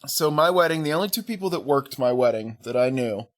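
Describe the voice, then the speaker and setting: A man's voice: medium pitch, animated, fairly quick. A man co-hosting a podcast, telling personal stories in casual chat, often laughing as he talks. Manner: laughing, chatty storyteller. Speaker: podcast co-host.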